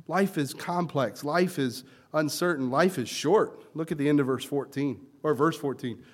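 A man's voice: fairly high pitch, moderate pace, few pauses. A man in his thirties giving a conversational sermon, joking and chatty as he mixes anecdotes with scripture readings. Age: 30s. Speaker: preacher.

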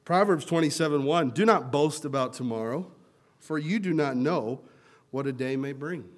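High-ish guy in his 30s preaching, chatty and jokey, sermon vibe. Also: normal speed. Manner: joking and chatty, telling anecdotes between scripture readings. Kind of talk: conversational sermon.

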